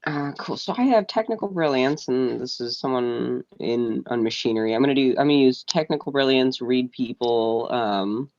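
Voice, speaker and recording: A man's voice: mid-range voice, normal speed, few pauses, a little mellow, dry recording, lo-fi sound. Hesitant, rambling male player. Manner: hesitant, rambling, lots of restarts. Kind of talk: tabletop role-play, planning moves.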